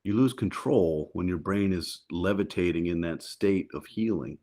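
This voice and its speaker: A middle-aged man talking as a guest on a podcast, lively and quick to jump up in pitch when he tells a story. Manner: animated, jumps up in pitch when telling stories. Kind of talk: casual interview chat.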